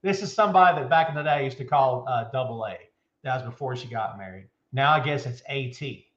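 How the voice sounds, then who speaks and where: A man hosting a live show, loud, joking and hyped, talking from an office with a bare floor and a window. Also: mid-range voice, fairly quick. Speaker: show host. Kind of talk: live show, casual chat. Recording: echoey room, dull lo-fi sound.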